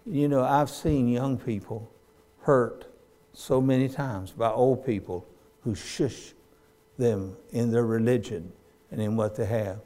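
An older man, preaching a sermon in a folksy storytelling way that breaks into sudden loud cries. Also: medium pitch, steady tone, slow pace.

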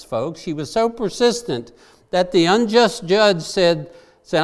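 A male preacher, his voice sitting a little high for a man. He talks to his congregation earnestly and plainly, and climbs into passionate, pleading outbursts. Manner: earnest, rising to impassioned pleading. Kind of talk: sermon.

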